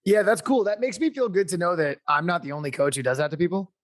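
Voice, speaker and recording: A man's voice: high voice, fast. A man coaching and hosting a podcast, asking questions in an easygoing casual chat. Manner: easygoing, laughs along.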